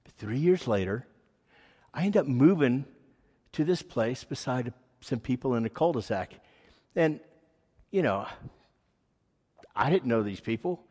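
Husky man preaching in an echoey hall. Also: medium pitch, lively intonation, unhurried, pauses often, dark tone. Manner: rambling, earnest storytelling with frequent fillers. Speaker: preacher giving testimony. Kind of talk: personal testimony sermon.

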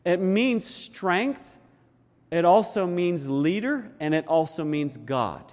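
A fairly high-voiced man preaching a teaching sermon, earnest and eager, often circling back to restart a phrase. His voice carries a long reverb, as if in a large church hall. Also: expressive, slow, darkish tone. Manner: earnest, rising with enthusiasm, many restarts.

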